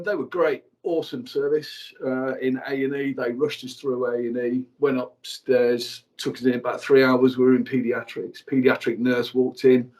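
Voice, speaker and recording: A man in his forties telling a personal story to an audience, frank and halting, with many fillers and restarts. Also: medium pitch. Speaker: guest speaker.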